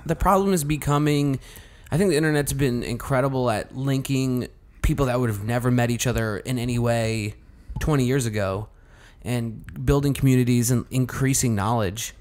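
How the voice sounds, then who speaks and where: A man's voice: medium pitch, normal speed, few pauses, a little mellow. A man co-hosting a podcast, chatting casually with blunt opinions and jokes. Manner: opinionated, joking. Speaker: podcast co-host. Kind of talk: casual chat.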